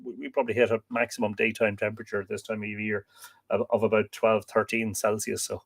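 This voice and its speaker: An Irish man hosts a live stream, reading viewer comments aloud and chatting in a relaxed, rambling manner full of fillers. His voice is on the low side, brisk and gravelly.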